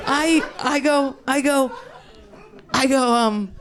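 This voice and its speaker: A woman's voice: high-pitched, slow pace, pauses often, some chatter behind. A young woman doing an improvised stand-up set, brash and rambling, laughing through her punchlines. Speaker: stand-up comedian.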